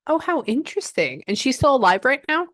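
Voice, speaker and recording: A woman working as a psychic medium, giving a client a reading and passing on messages in an animated, chatty way. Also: sits high, a little fast, no room sound, clean studio sound. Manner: animated, relays messages in quotes, frequent "hold on".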